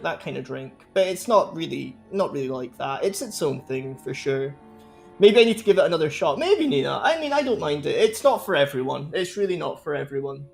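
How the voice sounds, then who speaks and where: Gravelly high-voiced man streaming. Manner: rambling, laughs often. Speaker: live streamer. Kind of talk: casual chat with viewers.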